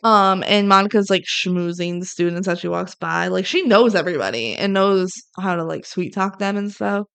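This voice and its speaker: A young woman co-hosting a podcast, casually recapping a movie plot and acting out the characters' lines in quick asides. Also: fairly low pitch, creaky, fairly bright tone, clear, resonant tone. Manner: retells scenes with quick acted-out quotes. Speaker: podcast co-host.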